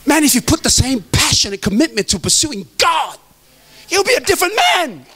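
A middle-aged pastor preaches in an unusually high voice. His tone is bright and forceful. He jokes with the congregation, then drives his points home with emphatic shouts. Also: big pitch swings, brisk. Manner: emphatic, joking, preaching to the men. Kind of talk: sermon.

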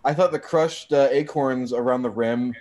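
Guy um-ing through an absurd deadpan bit on a comedy panel. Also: mid-range voice, normal speed. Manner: hesitant, absurd deadpan with fillers. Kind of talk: improvised comedy chat.

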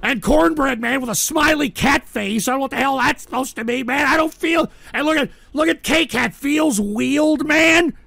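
A man hosting a live call-in stream, ranting and shouting with profanity, choked up and tearful. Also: very high voice, moderate pace, vocal fry, few pauses, dry recording. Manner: shouting, profane, whiny and fed up.

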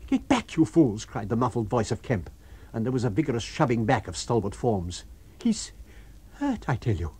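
A man reading a story aloud, voicing a frantic male doctor who shouts commands in a husky voice. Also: mid-range voice, very animated, normal speed. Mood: commanding.

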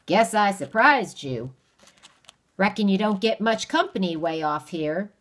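A woman's voice: mid-range voice, lively intonation, a little slow, voice pushed up. A woman voicing a heavy-set, bearded backwoods stranger who is sly and cheerful, talking in a folksy drawl. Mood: folksy coaxing.

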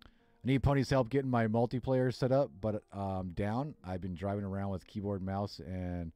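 A man's voice: fairly low pitch, steady tone, moderate pace, mellow, dry recording, soft background music. A man livestreaming on a headset, thinking aloud as he works and swearing freely. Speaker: streamer. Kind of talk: casual livestream chat while working.

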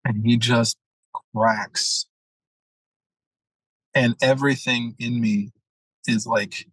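A man's voice: mid-range voice, steady tone, slow pace, pauses often, fairly bright tone, breathy edge, no echo, rough recording. A young adult man, a mentor, telling a story in a casual podcast talk, acting out quotes and swearing freely. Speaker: masculine leadership mentor, guest.

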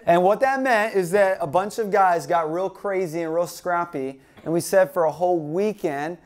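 A young male pastor with a slightly high voice tells a story in a sermon. He laughs at himself and acts out his own panic as the story goes on. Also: normal speed. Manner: animated, self-mocking storyteller acting out his panic.

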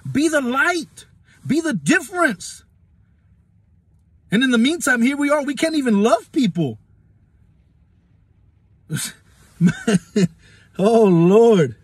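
Fired-up male preacher, very high husky voice, dry close phone sound, rhetorical and repetitive. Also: very animated, slow, long pauses, a bit bright, no echo. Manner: fervent, repeats words, rhetorical questions, laughs often. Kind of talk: impassioned phone-recorded Bible devotional. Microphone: phone camera.

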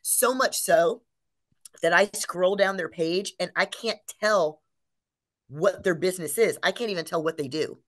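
A woman with a slightly low voice co-hosts a casual business webinar on branding. She talks in an animated way, acts out little quotes and checks in with her listeners. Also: unhurried. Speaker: webinar co-host.

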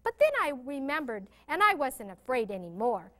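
A woman's voice: sits high, big pitch swings, moderate pace, fairly bright tone. A woman voicing an eager little boy. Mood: earnest. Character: brave little boy on a backyard adventure.

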